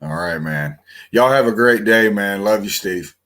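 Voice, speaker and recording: A man with a lowish voice calling into a casual podcast as a guest. He is relaxed and friendly, peppering his talk with "man" and "brother". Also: measured pace. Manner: warm, laid-back, says "man" and "brother" often. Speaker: guest caller and donor. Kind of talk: casual chat.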